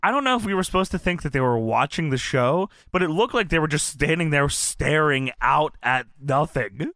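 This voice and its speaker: A man's voice: a little high, lively intonation, sharp tone, dry recording, clean studio sound. A young man co-hosting a podcast, chatting in a laid-back way and laughing often. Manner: laid-back, laughing, swearing, quick impressions. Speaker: podcast co-host. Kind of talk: casual chat.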